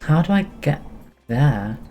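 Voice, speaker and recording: A streamer from England, chatting casually with viewers during a game stream, jokey and quick to giggle. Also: medium pitch, very animated, warm tone, soft background music. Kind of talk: casual live-stream chat.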